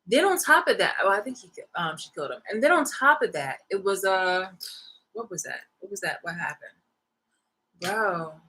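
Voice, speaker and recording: A woman's voice: medium pitch, animated, normal speed, pushed and bright, slightly rough, poor audio. A young woman vlogging in a rambling, slangy casual rant, swearing freely.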